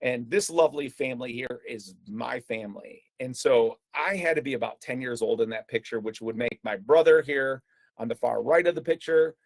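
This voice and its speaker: A man tells a personal story, his mid-pitched voice carrying a gravelly edge. He talks conversationally, with fillers and restarts. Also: moderate pace. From United States. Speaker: speaker presenting a talk.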